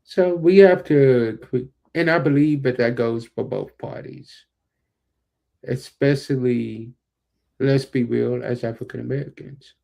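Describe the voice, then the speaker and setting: Gravelly-voiced man, emphatic co-host. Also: mid-range voice, a little slow, dark tone. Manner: emphatic, repeats phrases. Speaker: podcast co-host and executive producer. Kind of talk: casual podcast chat.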